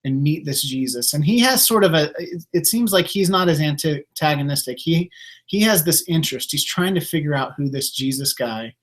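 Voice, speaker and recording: A man's voice: fairly high pitch, expressive, normal speed. A man preaching a casual, conversational sermon, with many fillers and restarts. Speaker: pastor.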